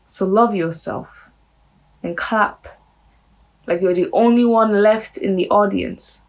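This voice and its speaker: A woman performing a spoken word poem in a measured, reflective recitation. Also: mid-range voice, poor audio.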